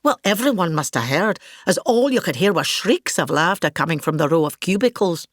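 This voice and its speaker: A woman's voice: on the low side, expressive, a little fast, no echo, studio quality. A woman with a Scottish accent playing a vain, grandiose older actress in a scripted comic monologue, pompous and gossipy. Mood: grand.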